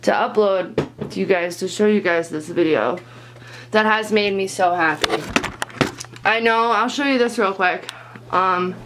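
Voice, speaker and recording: Talking casually to camera indoors at home, this young beauty vlogger rambles about makeup, speaks bluntly and curses when irritated. She has a mid-range, unhurried voice, picked up by a handheld camera mic in a noisy home recording.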